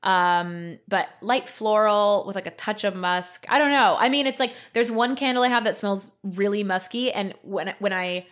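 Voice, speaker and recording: A woman's voice: moderate pace, hardly any pauses. Chatty woman podcast co-host. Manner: rambling, lots of "like", animated jumps in pitch. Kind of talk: casual comedic chat. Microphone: podcast mic.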